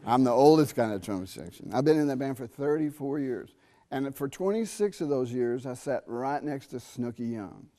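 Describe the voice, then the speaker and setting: Middle-aged guy running a trumpet masterclass, warm relaxed voice, easygoing and talky, hums out rhythms. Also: medium pitch, moderate pace. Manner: conversational, quizzes the audience, sings rhythms. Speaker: jazz trumpet teacher. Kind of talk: masterclass talk. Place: university theatre stage.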